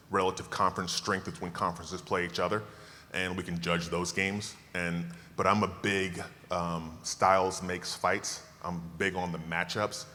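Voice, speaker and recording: Speaking at a dinner with a banquet hall's long reverb and slight background noise, a fifties-aged man from Tallahassee, Florida, gives a keynote. He handles audience questions in a relaxed, joking, emphatic, and confident way. His voice is low yet bright and forceful.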